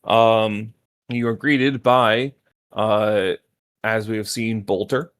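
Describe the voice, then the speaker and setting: A man narrating as game master of a tabletop game, halting often with fillers and restarts. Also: on the low side, fairly even intonation, a bit bright.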